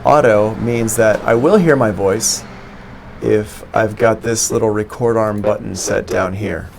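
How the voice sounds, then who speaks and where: A man with a lowish, gravelly voice teaches a music software class over a live stream. He talks into a studio mic and walks through each step patiently, explaining as he clicks. His tone stays plain and instructional. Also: unhurried, slight background noise. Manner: explanatory, walking through steps on screen. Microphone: studio microphone plugged into an interface.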